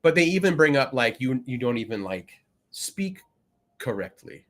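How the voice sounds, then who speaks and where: Man, podcast co-host, casual chat, rambling, trailing off quietly, mid pitch. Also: big pitch swings, moderate pace.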